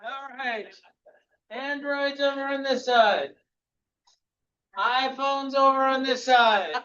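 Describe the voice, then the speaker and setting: A man's voice: extremely high pitch, slow, sharp tone, muffled recording. A man presenting at a camera club meeting, chatty and loose, with many restarts, talking to the room. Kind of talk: casual interactive presentation.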